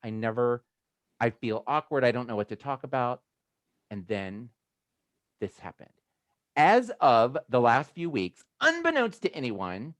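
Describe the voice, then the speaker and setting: A chatty American man hosts a video call, rambling and breaking off into animated asides. His voice sits in a middle register. The sound is dry and close, with no room echo. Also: medium pitch, unhurried, pauses often. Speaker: host of a motivational video call. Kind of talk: casual chatty talk.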